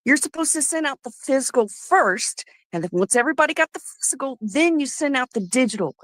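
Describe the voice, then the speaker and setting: A woman co-hosting a comics livestream, ranting in an angry, profane, rapid-fire way. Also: sits high, animated, fairly bright tone, dry recording. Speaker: co-host.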